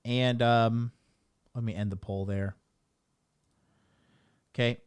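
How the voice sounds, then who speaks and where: A man's voice: mid-range voice, fairly even intonation, takes it slowly, clear, resonant tone, dry recording. A man running a casual livestream as a dating coach, talking in a rambling, blunt, profane way.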